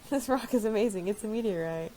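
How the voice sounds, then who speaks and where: A woman's voice: medium pitch, fast, mellow, slight background noise, rough recording. A woman giving casual, rambling commentary while playing a game, often apologizing and laughing at herself. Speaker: let's-play host.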